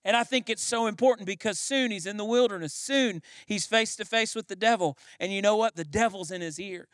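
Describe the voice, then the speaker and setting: A man's voice: sits high, fairly bright tone, no room sound, studio quality. A middle-aged man preaching a sermon as pastor, building to emphatic, repeated lines. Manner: preaching with rising emphasis and repetition.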